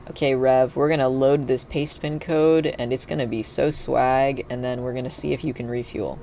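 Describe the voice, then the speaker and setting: A live streamer chatting casually while playing, thinking aloud and breaking into excited cheers. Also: mid-range voice, normal speed, creaky, a little hiss or hum. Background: faint background music and keyboard typing.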